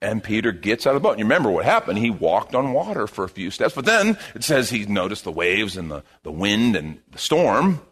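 A man preaching a sermon as a pastor, in an animated, conversational way, repeating his key phrases. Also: lowish voice, fairly quick, few pauses, husky.

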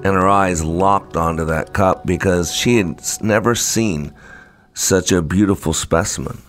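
A man telling a story in a low, measured and unhurried way. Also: soft background music. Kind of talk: spoken storytelling.

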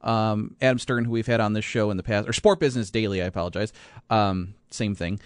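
A man's voice: fairly low pitch, fairly even intonation, brisk, dry recording. A man hosting a sports radio show, chatting casually with many fillers and restarts.

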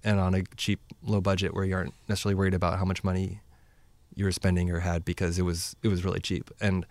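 A man's voice: low-pitched, flat delivery, fast, a little mellow, dry recording. A man from the United States casually recounting his travels, rambling with many fillers and acting out dialogue. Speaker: traveler sharing stories. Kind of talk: casual chat.

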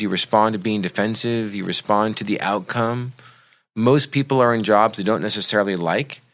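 A motivational speaker and coach explains his ideas earnestly and reflectively during a casual podcast chat. His voice is on the low side and a bit bright.

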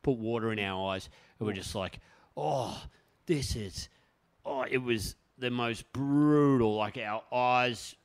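A man in the middle of a casual comedic yarn on a podcast. His voice sits at a middle pitch, and he wanders and trails off while laughing often at his own story. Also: a little slow, few pauses, clear, resonant tone. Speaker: podcast guest.

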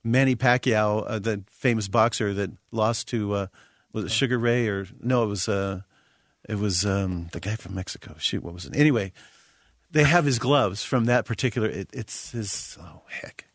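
A man's voice: fairly low pitch, moderate pace, dry recording. A man reviewing a film on a radio show in a studio, rambling and chatty. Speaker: film critic co-host. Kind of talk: casual movie review.

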